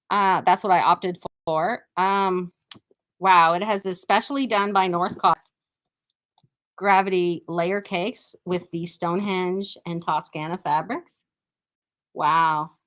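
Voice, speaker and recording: A woman's voice: mid-range voice, slow pace, a bit bright. Chatty, upbeat woman showing off quilt kits. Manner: chatty and enthusiastic, with frequent restarts. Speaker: quilt shop host. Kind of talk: casual live product showcase.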